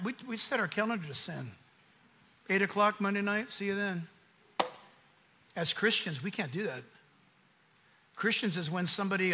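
A man preaching a sermon at a conference in an American accent, animated and acting out the voices he quotes. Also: high-pitched, breathy edge. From United States. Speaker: pastor. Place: conference hall.

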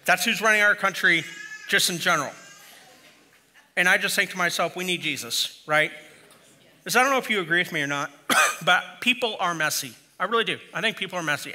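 Bright-voiced pastor, humorous. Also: male voice, high voice. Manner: humorous storytelling, conversational and direct. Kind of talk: sermon.

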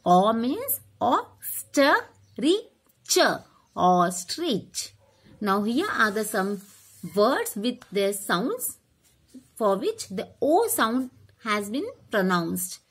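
A woman's voice: medium pitch, sing-song, takes it slowly, a bit bright, breathy edge. A woman teaching a phonics lesson to children, sounding out letters one by one and quizzing them as she goes.

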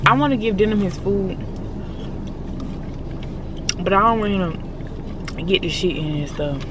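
A woman's voice: medium pitch, measured pace. A woman vlogging casually from her car on a long road trip, talking to herself and her dog with lots of swearing. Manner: chatty, profane, talks to herself and her dog. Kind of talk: casual driving vlog. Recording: dull lo-fi audio with loud road noise.

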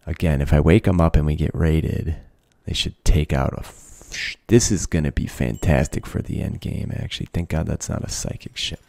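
A man's voice: extremely low pitch, steady tone, moderate pace, vocal fry, few pauses, dark tone, no echo. A man giving casual let's-play commentary, thinking aloud, swearing freely and laughing often. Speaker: gaming video creator.

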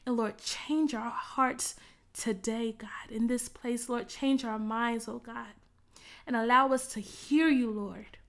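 A woman's voice: on the high side, steady tone, slow. A woman minister leading a virtual church service, praying fervently with murmured interjections and then talking casually to online viewers. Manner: chatty, coaxing viewers to type in the chat. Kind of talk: prayer and sermon on a virtual service.

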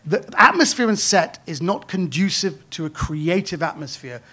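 A man's voice: high-pitched, very animated, moderate pace, bright, forceful tone, full character voice. A man voicing a serious film producer who explains a problem in an earnest, businesslike way.

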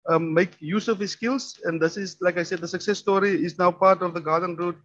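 Hesitant high-voiced man. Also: fairly even intonation, a little fast, a bit bright, no room sound. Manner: hesitant, many ums and restarts. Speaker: municipal skills official. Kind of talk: presenting at a public forum. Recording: dull lo-fi recording.

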